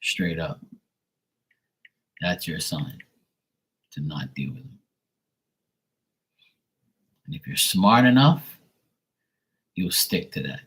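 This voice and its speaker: A man's voice: low voice, very animated, slow pace, pauses often, fairly bright tone, breathy edge, poor audio. A man talking casually and bluntly, venting with plenty of swearing. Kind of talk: casual chat.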